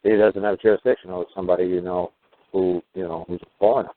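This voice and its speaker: A man's voice: low voice, little pitch movement, fast talker, no echo. A man hosting a call-in talk show, joking and riffing with playful wordplay. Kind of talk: casual call-in radio talk. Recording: tinny phone line, dry.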